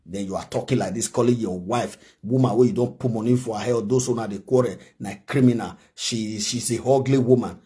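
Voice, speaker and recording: A man's voice: fairly low pitch, fairly even intonation, brisk, hardly any pauses, mellow. A married Nigerian man giving pleading, preachy commentary in a vlog, often repeating himself. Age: adult, married. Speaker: gossip commentator.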